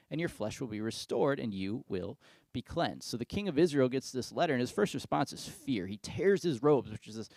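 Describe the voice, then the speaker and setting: A male pastor gives a sermon, reading scripture and retelling it in a casual, conversational way with lively asides. His voice is mid-range, and there's no echo.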